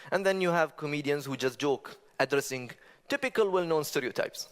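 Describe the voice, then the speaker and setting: A man giving a stage talk with stand-up humor, talking conversationally, asking the audience rhetorical questions and making animated asides. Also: a little high. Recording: long reverb of a large hall.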